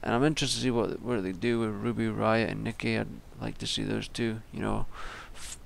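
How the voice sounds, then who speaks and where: Rambling young man with gravelly voice. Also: lowish voice, fairly even intonation, a little fast, a little hiss or hum. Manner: rambling, frequent ums and restarts. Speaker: wrestling vlogger. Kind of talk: casual solo commentary.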